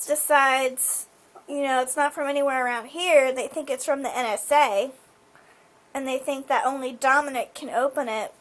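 A woman casually recapping a TV episode, chatty and full of fillers like "like" and "um". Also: high voice. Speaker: show recapper.

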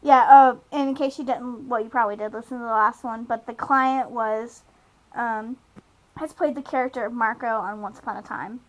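A young adult woman with a slightly high voice and fairly even intonation talks at normal speed on a rough recording. Co-hosting a casual podcast, she recaps a TV episode, rambling and giggling with lots of fillers.

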